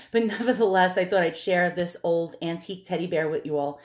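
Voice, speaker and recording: A woman's voice: fairly low pitch, fairly even intonation, fairly quick, darkish tone. A woman in her forties chatting casually as she shows items from her collection, laughing often and poking fun at herself. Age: 40s. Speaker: collector vlogger. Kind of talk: casual show-and-tell vlog.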